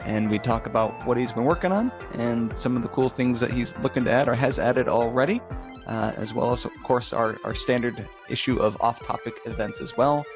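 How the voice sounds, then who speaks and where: A man's voice: mid-range voice, a little fast, music in the background. A man hosting a tech podcast, chatty and upbeat as he introduces and questions the guest. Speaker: podcast host. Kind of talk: casual podcast chat.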